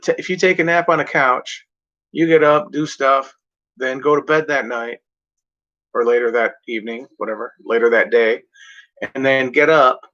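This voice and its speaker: A man's voice: mid-range voice, pushed and bright. A man rambling through a casual vlog monologue, swearing freely and joking to himself. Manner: rambling, profane, jokey. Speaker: vlogger. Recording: muffled lo-fi recording.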